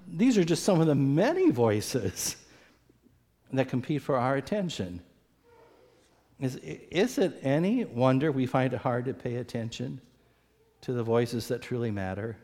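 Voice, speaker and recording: A man preaching an earnest sermon, often repeating words as he goes and acting out quoted voices with big swings in pitch. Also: animated, measured pace, pauses often, dark tone. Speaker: pastor. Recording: long hall reverb.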